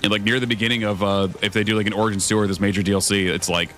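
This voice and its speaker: A man's voice: fairly low pitch, level tone, very fast, bright, forceful tone, soft background music. A young man streaming a video game, chatting casually with his viewers, swearing often and rambling between thoughts. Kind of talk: casual gameplay commentary.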